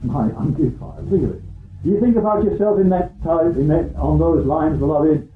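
A man's voice: on the high side, normal speed, slight background noise. A man preaching a sermon in an earnest way, often repeating phrases and asking rhetorical questions. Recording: tinny phone-like sound in an echoey hall.

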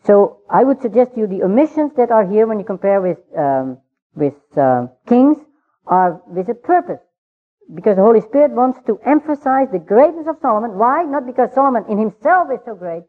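A man's voice: sits high, very animated. Man teaching the Bible, tinny sound. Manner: measured, unhurried, with frequent pauses and fillers. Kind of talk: verse-by-verse Bible study talk.

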